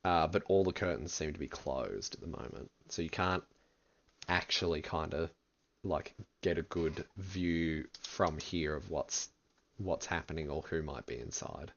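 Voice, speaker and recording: A man running a tabletop game as game master, describing scenes in a relaxed, rambling way full of fillers. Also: very deep voice, a little slow, vocal fry, muffled recording.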